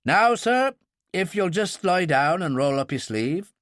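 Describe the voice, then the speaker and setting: A man voicing a blunt, jovial older ship's doctor who tells stories with animated relish. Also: high voice, measured pace, no room sound, clean studio sound, exaggerated voice. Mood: wry storytelling. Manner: hearty, animated, fond of telling stories.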